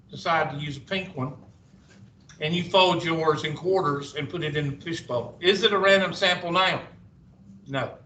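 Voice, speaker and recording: A man's voice: fairly high pitch, bright, forceful tone, a little hiss or hum. A male math teacher, lecturing a class with rambling, sarcastic asides. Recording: echoey classroom from far off.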